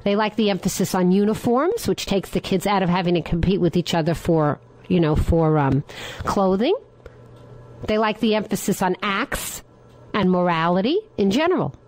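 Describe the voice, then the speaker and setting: A middle-aged woman is hosting a talk radio show alone at the mic. She talks at an ordinary, mid pitch and speaks with firm opinions, and she often turns to her listeners with rhetorical questions. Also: moderate pace, darkish tone, rough recording.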